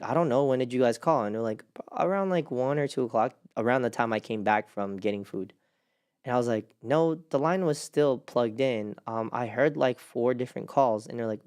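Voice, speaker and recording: A young man hosting a casual chat, telling a personal story in a rambling way, with lots of "like" and sudden jumps up in pitch as he relives his panic. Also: a little mellow, clear, resonant tone. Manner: rambling with many restarts and "like". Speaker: host.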